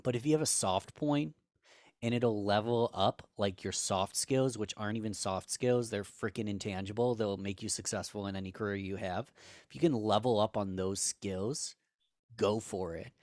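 A man guest on a podcast, giving emphatic, energetic business advice in a conversational way, a bit hoarse. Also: fairly low pitch, moderate pace, dry recording, clean studio sound. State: slightly hoarse.

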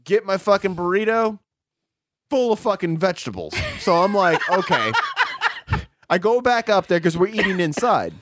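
A man's voice: high-pitched, expressive, moderate pace, a bit bright, slight background noise. A man telling a story in casual chat, swearing often and rambling through fillers. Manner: rambling, profane, many fillers.

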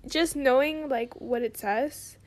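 A woman's voice: high-pitched, takes it slowly, a little mellow. A young woman co-hosting a casual chat, rambling and emphatic, swearing freely. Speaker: co-host.

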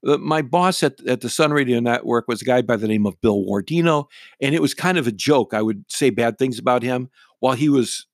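A man's voice: mid-range voice, brisk, no echo, studio quality. A middle-aged man, a radio talk show host, telling a story casually in a blunt, wry and irreverent way.

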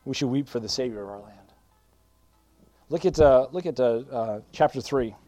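A man's voice: mid-range voice, normal speed, soft background music. A man preaching a sermon as pastor, pleading and fervent, quoting scripture, with frequent restarts and fillers. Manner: pleading, swings from hushed to loud fervent preaching.

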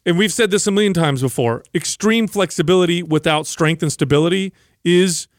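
A man's voice: high-pitched, fairly quick, no room sound, clean studio sound. A man co-hosting a casual fitness podcast, explaining emphatically and correcting misconceptions. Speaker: podcast co-host.

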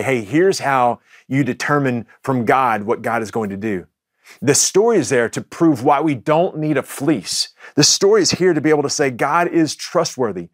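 A man's voice: mid-range voice, no echo, studio quality. Man preaching a conversational sermon. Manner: conversational preaching with frequent restarts and "right?" asides. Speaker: pastor.

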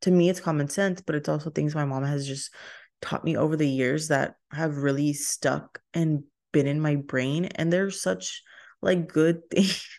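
A young woman talks through her solo podcast in a loose, rambling way, laughing easily and cutting herself off mid-thought. Her voice sits low, with a gravelly fry at the ends of phrases. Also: steady tone, unhurried, darkish tone. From Texas. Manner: rambling and chatty, laughs often, self-interrupting. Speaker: podcast host. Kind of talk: casual solo podcast chat.

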